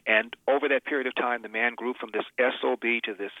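A man's voice: mid-range voice, fairly even intonation, quick pace, no echo. A male radio host telling an emotional personal story in an interview, with emphatic repetitions. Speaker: radio host and author, guest. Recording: tinny phone line, dry.

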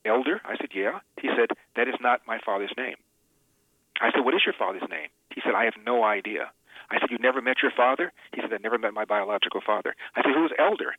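A man's voice: medium pitch, expressive, fast talker, dry recording. A man as an interview guest, telling a personal family story in an earnest, emphatic way. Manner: earnest, emphatic, repeats words when moved. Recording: tinny phone line.

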